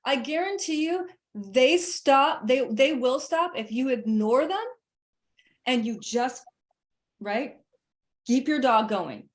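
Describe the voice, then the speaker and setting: A woman dog trainer talking through leash training in a casual, lively way, laughing often and hammering her points with emphatic asides. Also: high voice, slow. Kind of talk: casual instructional chat.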